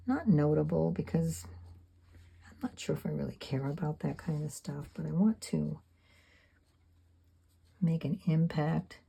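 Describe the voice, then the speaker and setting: Woman, 70s, low mellow gravelly voice, rambling self-deprecating sketchbook chat. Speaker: sketchbook artist. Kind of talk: casual reflective talk while painting.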